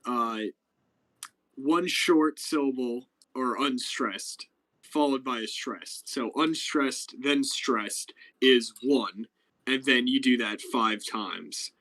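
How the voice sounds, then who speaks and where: A man's voice: medium pitch, takes it slowly, fairly bright tone, rough recording. A young man hosting a casual live stream chat, explaining things with lots of fillers and restarts. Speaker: podcast host.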